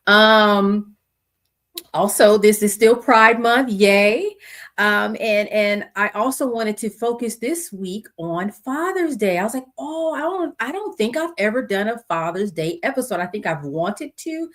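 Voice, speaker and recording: A woman's voice: medium pitch, animated, a little slow, a bit bright. A middle-aged American woman hosting her own podcast, talking casually with many fillers and asides. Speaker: podcast host. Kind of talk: casual solo podcast talk.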